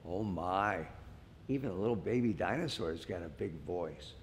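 A man leading a toddler storytime, talking gently and slowly to little children. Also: low-pitched, lively intonation, big-room sound, a little hiss or hum.

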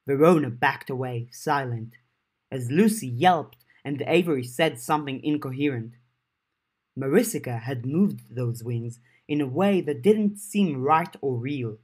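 A man narrating a fan-made audiobook chapter in a measured, even storytelling manner. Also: mid-range voice, slightly rough. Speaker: audiobook reader.

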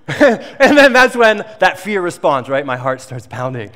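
Pastor preaching in a reverberant church. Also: male voice, high-pitched, sing-song, a little slow, a bit bright. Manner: conversational storytelling, frequent "right?" and "like". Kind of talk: sermon. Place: church sanctuary. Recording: long reverb of a church hall.

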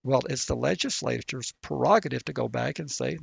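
A man with a Southern accent, co-hosting a podcast and explaining legal points in a measured, lawyerly way with a gravelly voice. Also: mid-range voice, no room sound. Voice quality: gravelly, husky voice. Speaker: legal expert co-host. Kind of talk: casual legal discussion podcast.

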